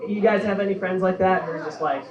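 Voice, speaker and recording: A young man doing a stand-up set, halting and offhand, with lots of fillers. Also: high voice, a crowd in the background. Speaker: stand-up comedian. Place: comedy club stage. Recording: echoey, dull room recording from far off. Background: audience laughter.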